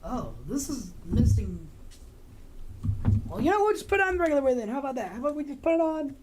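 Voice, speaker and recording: A woman's voice: high voice, very animated, fast, background noise. A woman hosting a livestream, chatting in a rambling, joking, profane way. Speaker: livestream host. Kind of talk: casual rambling chat.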